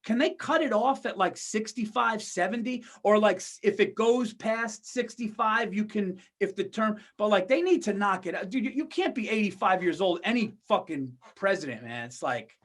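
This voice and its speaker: A man co-hosting a podcast with a notably high-pitched voice. He tells stories in an animated, profane way, full of casual banter with his co-host. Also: moderate pace, few pauses. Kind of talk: casual comedic chat.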